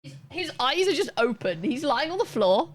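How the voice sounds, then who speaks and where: A young woman chatting casually on a live gaming stream, rambling and self-deprecating with quick asides. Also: high voice, big pitch swings. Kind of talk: casual chat while gaming.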